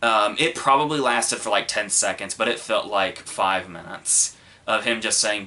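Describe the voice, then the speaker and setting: A man's voice: lowish voice, moderate pace, sharp tone. A man hosting a movie review podcast, talking casually and rambling, with many ums, restarts and curse words.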